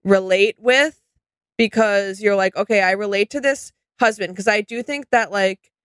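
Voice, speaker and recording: A chatty woman co-hosts a casual podcast, rambling with enthusiasm. Her voice is bright and clear, recorded close and dry. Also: mid-range voice, normal speed, no room sound. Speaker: podcast co-host. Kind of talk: casual chat about reality TV.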